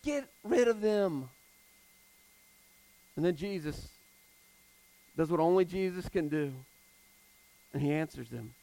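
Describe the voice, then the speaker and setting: High-voiced man preaching conversationally. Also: gravelly, no echo, low-quality recording. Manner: conversational preaching with casual fillers; swings between emphatic and hushed. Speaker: pastor. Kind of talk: sermon.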